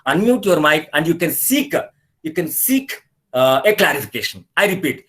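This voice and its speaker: An older man with an Indian English accent instructs a webinar on laughter yoga over a video call. His voice sits a little high, and he repeats himself earnestly while demonstrating the laughs. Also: sing-song, normal speed, a bit bright.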